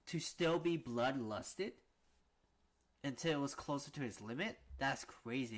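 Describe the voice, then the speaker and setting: A man's voice: medium pitch, unhurried. A man streaming a casual manga reading, chatty and reacting aloud with frequent fillers.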